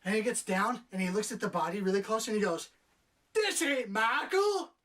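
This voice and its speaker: A woman talking through a film review in a sarcastic, profane way, picking apart scenes she found silly. She sits a little back from the microphone, so her voice sounds slightly distant. Her pitch is mid-range for a woman. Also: fairly even intonation, fast. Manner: sarcastic, profane, acts out characters' lines. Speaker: movie reviewer. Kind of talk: casual spoken film review.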